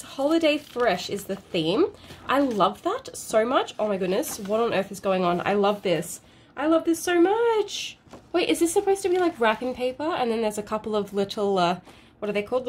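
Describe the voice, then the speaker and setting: A woman's voice: fairly high pitch, husky. A woman with an Australian accent, gushing and exclaiming as she unboxes products for her channel. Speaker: unboxing vlogger. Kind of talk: excited unboxing chat.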